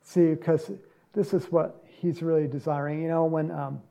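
A man preaching a sermon and leading a closing prayer, animated, acting out scenes and laughing often. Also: on the high side, normal speed, creaky.

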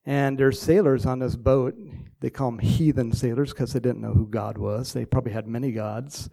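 A man's voice: medium pitch, fairly even intonation, moderate pace, vocal fry, mellow. A man preaching a casual sermon, telling stories and praying in a folksy, chatty way.

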